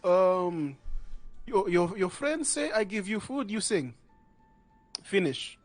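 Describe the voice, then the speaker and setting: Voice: mid-range voice, very animated, slow pace, faint music behind. A game master voicing a big male tavern owner who talks in a broken, bossy, sing-song way with an odd accent.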